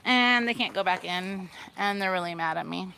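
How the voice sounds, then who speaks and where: A woman's voice: fairly low pitch, moderate pace, creaky, bright, forceful tone, a little hiss or hum. A young woman casually rambling through a backyard tour, full of "like" and "you know," often stopping to chat with her animals outdoors. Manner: rambling, filler-heavy, chatting to her animals. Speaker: vlogger giving a backyard tour.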